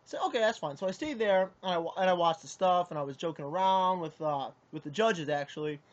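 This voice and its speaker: A man's voice: sits high, fairly quick. A young man telling a personal account to camera in a rambling, indignant way, often restarting his sentences. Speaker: card game player. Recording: muffled lo-fi audio.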